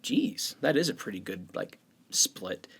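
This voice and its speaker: A man's voice: mid-range voice, very animated, a little slow, fairly bright tone, breathy edge. A man co-hosting a podcast in casual chat, full of teasing, joking banter. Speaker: podcast co-host.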